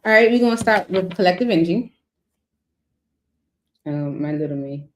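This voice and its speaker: Chatty low-voiced woman tarot reader. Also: lively intonation, normal speed, slight background noise. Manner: chatty, rambling, filler-heavy. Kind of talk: casual tarot reading.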